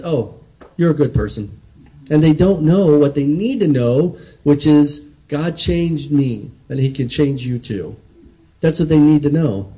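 A man's voice: a little high, warm tone, rough recording. A man preaching a sermon in an earnest, conversational way, often restarting and checking in with "right?".

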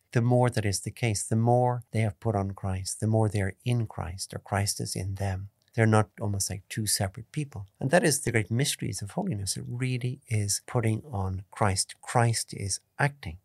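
Low-voiced priest giving a calm meditation. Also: male voice, no room sound, clean studio sound. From Ireland. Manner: calm, measured teaching tone with emphatic repetitions. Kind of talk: spoken meditation.

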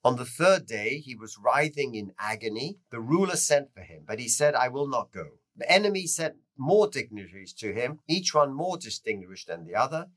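A man teaching through a lecture that tells a story, with lively swings in pitch and loudness. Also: normal speed, hardly any pauses. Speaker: teacher of Jewish history.

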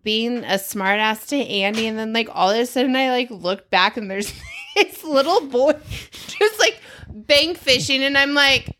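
A woman co-hosting a casual podcast, telling stories in a sarcastic, swearing, lively way. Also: fairly high pitch, unhurried, slight background noise. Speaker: podcast co-host. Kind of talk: casual chat.

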